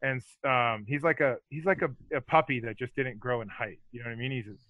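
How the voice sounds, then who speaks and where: A man's voice: medium pitch, fast, dry recording, dull audio. A man telling rambling, profane stories in a casual chat, full of filler words and acted-out lines. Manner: animated, acts out other people's lines.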